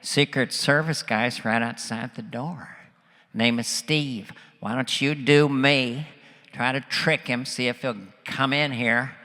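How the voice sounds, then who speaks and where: A man's voice: mid-range voice, fairly even intonation, sharp tone, pitched below the performer's own voice. A man doing a folksy, drawling older president. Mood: bossy, teasing. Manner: slow, drawling, chummy and bossy. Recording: reverberant hall with faint music.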